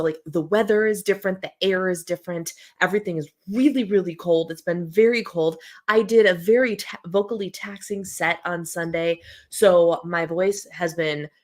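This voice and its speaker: A woman in her thirties hosting a casual live-stream chat from home, with a scratchy throat, chatty as she reads out viewer comments and answers them. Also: fairly low pitch. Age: 30s. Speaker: host.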